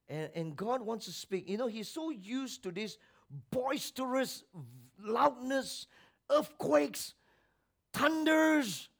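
High-voiced man preaching slowly. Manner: dramatic swings from loud preaching to near-whisper. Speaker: pastor. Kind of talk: sermon.

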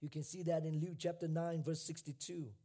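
A male pastor preaching a sermon, repeating phrases for emphasis and swinging between hushed lines and shouted ones. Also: fairly high pitch, fairly even intonation, a little fast.

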